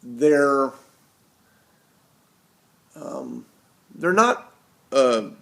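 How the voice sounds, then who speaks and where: Male vlogger, mid-pitched, loose rambling delivery that keeps correcting itself. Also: lively intonation, extremely slow, creaky, a bit bright. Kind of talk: casual monologue to camera.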